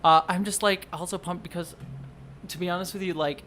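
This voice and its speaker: Rambling, excitable streamer chatting from home at a mid-range pitch; quick to apologize. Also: faint music behind. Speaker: livestreamer and video producer. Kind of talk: casual livestream chat. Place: at home under a blanket.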